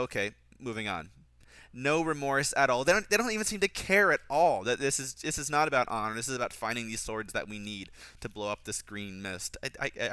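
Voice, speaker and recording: A man's voice: pushed and bright, smooth, no room sound. A man giving casual film commentary, critical of the script and mocking its lines. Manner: critical, mocks dialogue in a higher voice.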